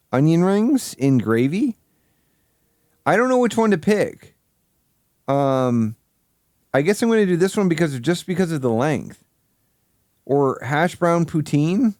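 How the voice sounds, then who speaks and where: A man's voice: on the high side, no echo, clean studio sound. A man hosting a live stream, chatting casually and joking while reacting to videos. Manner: laughing, joking, lively. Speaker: stream host.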